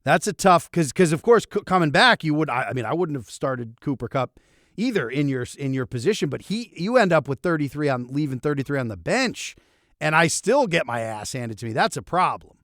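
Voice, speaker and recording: A man co-hosting a casual sports podcast, talking in a lively, self-mocking way with laughs, swearing and restarts. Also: fairly high pitch, fairly quick, no room sound, studio quality. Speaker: podcast co-host. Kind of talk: casual chat.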